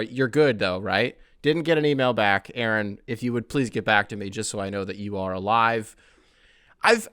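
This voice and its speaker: A man's voice: mid-range voice, no echo. Male host, casual and jokey, mid-range voice, dry close recording. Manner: animated, joking, often laughing, swearing. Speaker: podcast host. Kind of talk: casual podcast chat reading listener emails.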